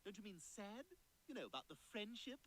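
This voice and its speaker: A man's voice: high-pitched, very animated, brisk, a bit bright, heavily acted. An actor voicing a scheming, precocious baby boy with refined diction and an arch, sarcastic manner.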